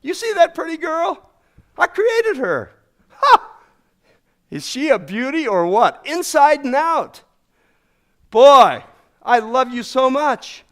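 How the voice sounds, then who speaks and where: A man's voice: very high voice, big pitch swings, slow, pauses often, a bit bright, pitched above the performer's own voice, exaggerated voice. A man voicing a fatherly God who gushes with folksy pride and affection. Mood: proud, delighted. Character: doting fatherly God, warm and proud.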